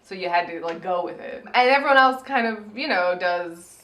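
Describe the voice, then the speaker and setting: A woman's voice: medium pitch, lively intonation, moderate pace, fairly bright tone. A woman co-hosting a casual chat about a TV episode, acting out quotes in playful voices. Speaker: podcast co-host. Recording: echoey room.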